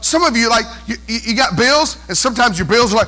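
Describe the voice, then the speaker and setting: A man's voice: very high-pitched, fast, bright, forceful tone, rough recording. A man preaching a sermon as pastor of a church, emphatic, with many rhetorical questions.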